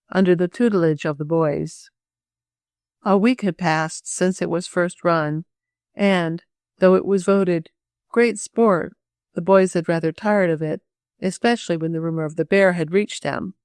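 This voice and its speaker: A woman narrating a children's audiobook in a steady, even reading manner. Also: fairly low pitch, clear, resonant tone, no echo, studio quality. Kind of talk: scripted narration.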